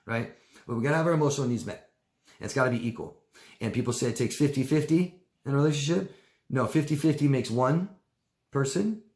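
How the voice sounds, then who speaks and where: A man coaching live and answering viewer questions in casual talk, rambling and repeating himself, now and then mimicking people in mocking high voices. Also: roomy sound.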